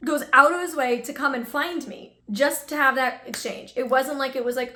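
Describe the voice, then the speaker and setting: Young woman vlogging, chatty and animated, lots of "like", voice a bit high. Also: normal speed, hardly any pauses, echoey room. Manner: chatty, animated, full of "like" and asides to viewers. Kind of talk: casual storytelling to camera.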